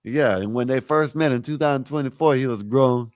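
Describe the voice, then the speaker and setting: A man's voice: mid-range voice, fairly quick, a crowd in the background. A man on a live call-in panel who argues emphatically and in exasperation, with plenty of cursing.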